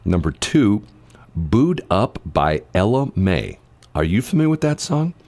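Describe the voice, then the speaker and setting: Deep-voiced man rambling on morning radio. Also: very animated, unhurried, darkish tone. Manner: rambling, many fillers and restarts. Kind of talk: casual radio banter. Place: radio studio. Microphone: studio microphone.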